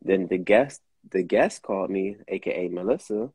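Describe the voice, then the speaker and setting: Young New guy, deep husky voice, dry close sound, casual profane storyteller. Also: expressive, normal speed, a little mellow, no room sound, poor audio. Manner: profane, laid-back, slangy. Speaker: car rental host.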